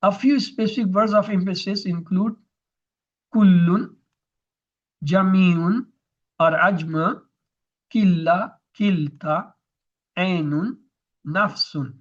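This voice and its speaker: A man's voice: high-pitched, slow pace, pauses often, lo-fi sound. A man teaching Arabic grammar in an online lesson, explaining terms step by step over a video call.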